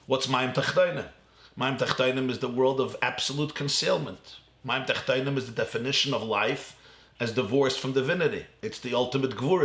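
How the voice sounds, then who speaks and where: Animated rabbi with a bright, echoey voice. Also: male voice, medium pitch. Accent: Yeshivish, Ashkenazi Hebrew pronunciation. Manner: animated, acts out voices in dialogue, laughs often. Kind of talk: Torah lecture.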